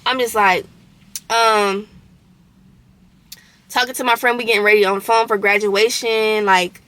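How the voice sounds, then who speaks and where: A woman's voice: medium pitch, steady tone, unhurried, fairly bright tone. A young woman vlogger recounting a roommate conflict in a casual storytime, candid and indignant, with slang and swearing.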